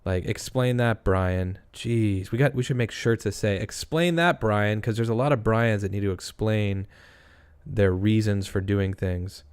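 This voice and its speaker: A man's voice: fairly low pitch, steady tone, unhurried, darkish tone, smooth. A young man hosting a casual true-crime livestream, thinking aloud and rambling with restarts while reading chat. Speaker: livestream host.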